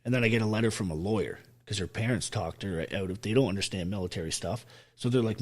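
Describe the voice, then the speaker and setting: A man's voice: lowish voice, fast talker. A man from Canada, an army veteran, telling his own story as a podcast guest in a blunt, intense way and swearing constantly. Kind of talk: raw personal storytelling in a podcast interview.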